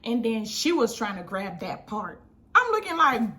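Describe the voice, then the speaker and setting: A young adult woman vlogger telling a storytime in a casual, slangy, animated way, acting out what people said. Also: a little high, unhurried. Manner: animated, slangy, acts out quotes.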